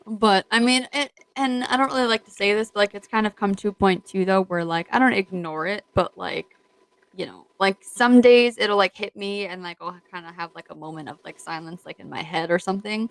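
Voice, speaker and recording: A woman co-hosting a podcast in casual chat, speaking hesitantly with many fillers and trailing off softly. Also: medium pitch, fairly quick, no room sound. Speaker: podcast co-host.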